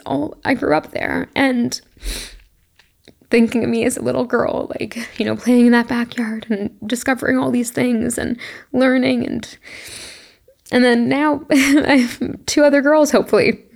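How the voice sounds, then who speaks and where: A woman's voice: on the high side, gravelly, darkish tone. A young woman from Canada, hosting her own podcast, tells a personal story in a reflective, emotional way and laughs often. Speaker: podcast host. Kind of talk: casual solo monologue.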